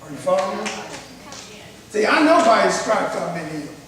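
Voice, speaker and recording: Middle-aged preacher with a high, folksy voice that often breaks into laughter, heard from a distance in a long-reverb church hall. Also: male voice, sing-song, brisk, fairly bright tone. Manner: folksy, laughs often, keeps asking the crowd if they follow. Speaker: traveling preacher. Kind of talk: sermon. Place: church sanctuary. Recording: echoey church hall, mic far off, faint hiss.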